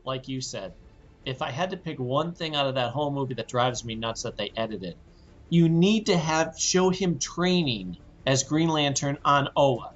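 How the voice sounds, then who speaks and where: A man's voice: on the high side, fairly bright tone, highs cut off. A man hosting a podcast interview casually, chatty and responsive. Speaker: podcast host.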